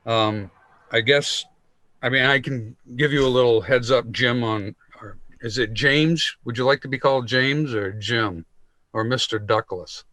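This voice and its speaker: A man chairs a town meeting at a measured pace, often pausing with fillers. His voice is mid-pitched for a man, and the recording is dry with no room sound. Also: pushed and bright, no room sound.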